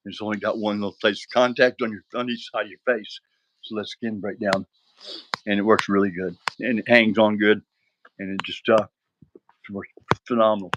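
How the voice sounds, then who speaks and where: A man's voice: on the low side, fairly even intonation, moderate pace, a bit bright, muffled recording. An older man talks casually to the camera in a rambling, frustrated way, often tossing in "all right". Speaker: vlogger.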